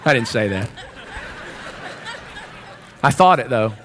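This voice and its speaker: Animated, self-mocking preacher man. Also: medium pitch, takes it slowly, a crowd in the background, noisy background. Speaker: pastor. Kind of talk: sermon.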